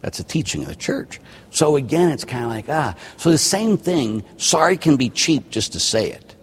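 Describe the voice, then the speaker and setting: Husky male priest guest, lively delivery, plays out little scenes, long reverb. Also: a little high, normal speed, a little hiss or hum. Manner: animated, acts out quoted dialogue. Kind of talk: casual chat.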